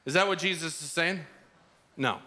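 A man preaching a sermon as pastor, telling a parable in an animated, storytelling way in a church. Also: a little high, normal speed. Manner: animated storytelling, acts out characters.

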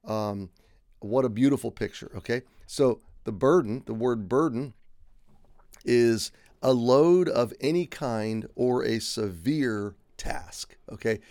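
A man's voice: medium pitch, takes it slowly, a little mellow, no echo. Earnest man teaching scripture, dry sound. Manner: earnest, often checks in with "okay?" and restarts phrases. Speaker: Bible teacher. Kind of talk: conversational Bible teaching.

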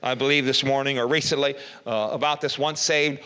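A man's voice: medium pitch, steady tone, a little fast, pushed and bright, clean tone. An older man preaching a folksy evening sermon, reading scripture aloud and asking rhetorical questions. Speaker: pastor.

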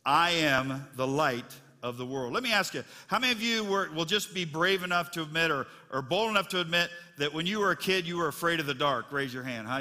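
A middle-aged man preaching to his congregation, easygoing and folksy, full of little asides and fillers. His voice is bright and forceful, sitting a touch high for a man, and it rings out with a long reverb through the church sanctuary. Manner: folksy, chatty storytelling with many fillers. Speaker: pastor. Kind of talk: sermon.

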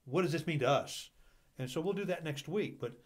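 Co-hosting a church Bible discussion, this man speaks a little fast in a voice on the high side with lively intonation. His fervor rises into impassioned preaching full of repeated rhetorical questions.

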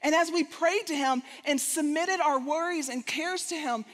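A woman guest speaker giving a storytelling sermon, animated and acting out the voices of the people in her story. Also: high-pitched, normal speed. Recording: long hall reverb.

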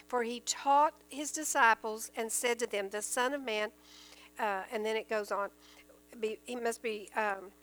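A woman leads a Bible study, reading scripture aloud and then explaining it in plain, earnest words. Her voice sits high and sounds bright and clear. A faint electrical hum runs underneath the recording. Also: low-quality recording. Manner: earnest, explains verses in plain everyday terms. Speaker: Bible teacher.

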